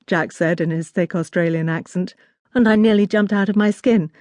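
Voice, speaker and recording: A woman's voice: medium pitch, normal speed, darkish tone, no echo. A woman narrating a first-person romance audiobook in an intimate, wry storytelling manner.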